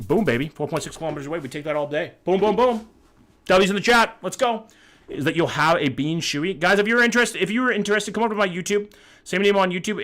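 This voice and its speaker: Swearing joking male streamer. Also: medium pitch. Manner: loose and joking, reads chat messages aloud, swears freely; bursts of excited hype between calmer musing. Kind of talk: casual live-stream chat while playing a map-guessing game.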